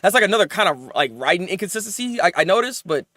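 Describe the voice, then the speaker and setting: A man reviewing anime episodes in casual, animated chat, venting and rambling as he goes. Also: high voice, dry recording, studio quality. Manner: animated, rambling, quick to vent.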